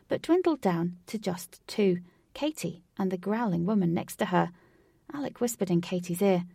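Gravelly woman reading a story. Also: on the low side, lively intonation, normal speed, dark tone, no room sound, studio quality, recorded from a distance. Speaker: narrator. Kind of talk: storybook narration.

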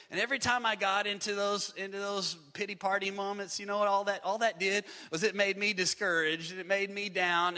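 A man's voice: high-pitched, sharp tone. A middle-aged male pastor preaching a sermon to his church, acting out complaints in a raised voice. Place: church sanctuary. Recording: long reverb of a large hall.

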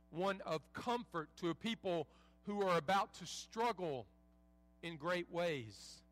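A man preaching as a pastor, reading scripture and praying in an earnest, measured way with folksy asides, a bit under the weather. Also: on the high side, a bit bright. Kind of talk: sermon with scripture reading and prayer. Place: church sanctuary.

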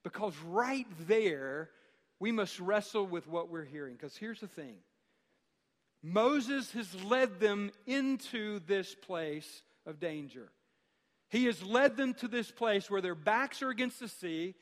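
A man preaching a sermon as pastor, speaking emphatically with dramatic pauses and rhetorical questions. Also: high-pitched, lively intonation, a bit bright, in a large hall.

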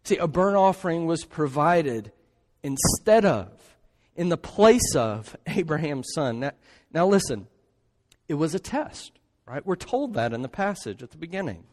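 A man's voice: a little high, sing-song, a little slow, a little mellow. A man preaching a sermon in an emphatic way, often tossing in rhetorical asides. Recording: long hall reverb.

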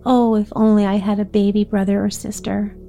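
A woman voicing a proud, lively little girl who gushes about her puppy and baby sister. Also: mid-range voice, brisk, creaky, faint music behind, lightly acted. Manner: proud, gushing.

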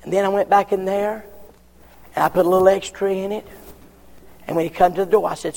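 A pastor with a high, gravelly, slightly mellow voice preaches a folksy, emphatic sermon, fairly quick with frequent pauses and a steady tone. He swings between ringing cries and near-whispers, and his words trail off into a long church reverb.

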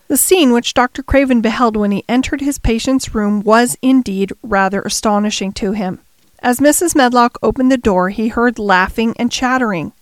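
A woman's voice: a little high, dry recording. Dry, close woman audiobook narrator. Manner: measured storytelling. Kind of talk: scripted narration.

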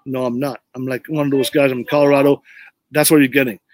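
A man's voice: medium pitch, level tone, quick pace, background noise. Rambling middle-aged man telling a story. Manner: rambling, restarts often, tells stories with quoted dialogue. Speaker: podcast guest, former pro hockey player. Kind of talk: casual interview storytelling.

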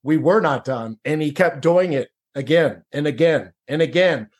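On a podcast, a middle-aged guest recounts a personal story casually and at normal speed, his voice slightly high. He keeps restarting sentences, repeating words, and dropping "dude" and "like" throughout the interview.

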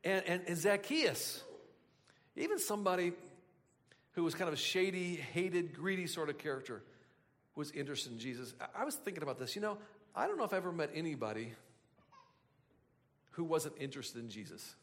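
Animated high-voiced man preaching. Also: fairly quick, long pauses, big-room sound. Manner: animated, chatty asides, frequent restarts. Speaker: pastor. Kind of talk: conversational sermon.

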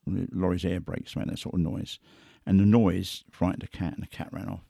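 A man's voice: low-pitched, fairly quick, creaky, breathy edge, no echo, clean studio sound. A man talking as a big cat investigator, telling stories and acting out quotes and sounds. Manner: animated, acts out quotes and sounds. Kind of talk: conversational storytelling.

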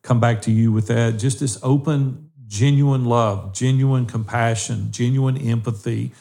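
A man's voice: mid-range voice, steady tone, a little slow, gravelly, dark tone. A man co-hosting a podcast, earnestly urging listeners and speaking straight to them. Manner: earnest, exhorting listeners directly. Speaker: podcast co-host. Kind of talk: encouraging podcast talk.

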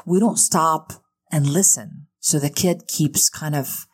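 A woman in her thirties hosting a parenting talk, earnest and emphatic, with lively swings between high and low. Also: takes it slowly, husky. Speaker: parenting podcast host. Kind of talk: casual educational talk.

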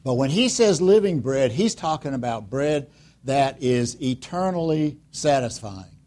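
A man preaching a sermon in a lively, conversational way, full of rhetorical questions and quiet, pointed emphasis. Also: mid-range voice, unhurried. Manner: conversational, acts out voices of listeners and Jesus. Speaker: pastor.

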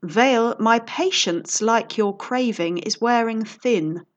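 A woman's voice: mid-range voice, animated, moderate pace, dull audio, natural voice. A woman voicing a burly male nobleman with a blustering, indignant manner. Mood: flustered.

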